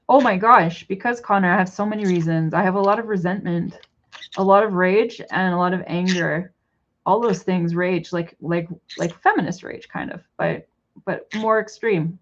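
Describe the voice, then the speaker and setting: A woman's voice: fairly low pitch, normal speed, lo-fi sound. A stoned woman vlogging in a casual, rambling way, who scolds her pets in a raised sing-song voice.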